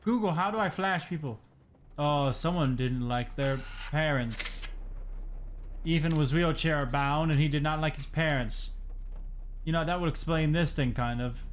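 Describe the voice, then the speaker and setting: A young man with a slightly high voice talks his way through a horror game, cracking jokes to himself and yelping when startled. He sounds tired at times. A faint ambience hums behind him. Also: a little slow, a little hiss or hum. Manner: jokey, talks to himself, jumpy outbursts. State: tired, yawning. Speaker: gaming streamer. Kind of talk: horror game let's play commentary.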